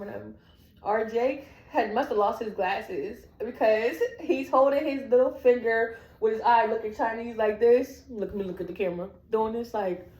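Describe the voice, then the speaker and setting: A young woman casually telling a family story in a lively way, acting out the people she quotes and laughing often. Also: fairly high pitch, moderate pace. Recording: echoey room.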